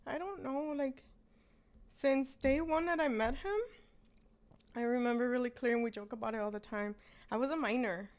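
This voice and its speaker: A woman's voice: fairly high pitch, normal speed, darkish tone. A woman, a business owner telling her story as an interview guest and switching between English and Spanish.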